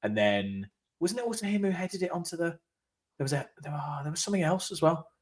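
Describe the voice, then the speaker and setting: A man's voice: on the high side, animated, quick pace. A man co-hosting a casual fan chat, telling rambling anecdotes in a chatty way. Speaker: fan channel co-host. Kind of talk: casual match-reaction chat.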